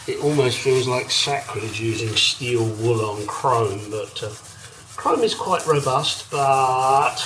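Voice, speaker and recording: A man's voice: medium pitch, fairly bright tone, a little hiss or hum, rough recording. A man chatting casually and dryly as he restores a classic car in his workshop. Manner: dry, self-deprecating, swears casually. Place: home workshop.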